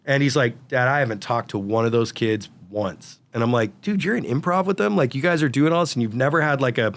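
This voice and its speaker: Brief: man in his forties, guest storyteller, animated delivery, mid-range pitch. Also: brisk. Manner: animated, tells anecdotes with quoted dialogue. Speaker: guest, real estate brokerage founder. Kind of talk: storytelling in a casual interview.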